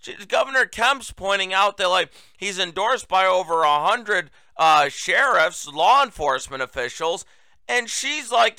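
A man hosts a political talk show, his voice high and strikingly bright, cutting and forceful. He talks in a sarcastic, mocking, emphatic way. The sound is smooth and dry, close to the mic. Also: expressive, normal speed, no room sound. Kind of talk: political commentary monologue.

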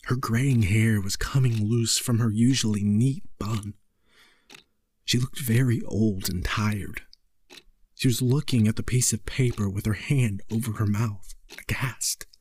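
Man, horror story narrator, very slow, measured, low. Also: steady tone, darkish tone, slight background noise.

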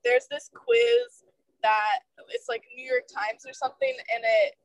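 A woman's voice: sits high, very animated, a little slow, no room sound, low-quality recording. A young woman from Maine with a Maine accent, chatting animatedly with friends. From Maine, USA. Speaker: student in group chat. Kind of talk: casual group chat.

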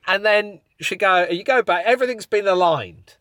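Man, bright sharp voice, casual comedic chat, dry close sound. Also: sits high, normal speed, no echo. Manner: rambling, sets up scenarios, laughs loudly. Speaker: podcast co-host.

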